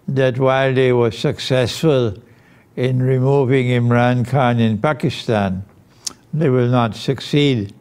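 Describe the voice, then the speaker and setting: A man giving a recorded Islamic lecture, speaking in deliberate, emphatic phrases with pauses between them. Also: medium pitch, darkish tone, clean tone.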